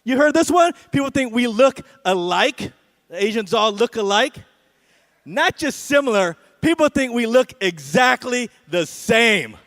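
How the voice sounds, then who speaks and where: A man's voice: very high voice, sing-song, measured pace, fairly bright tone. A man doing a stand-up comedy set at an awards show, with a sarcastic, punchy delivery and frequent "right?" asides.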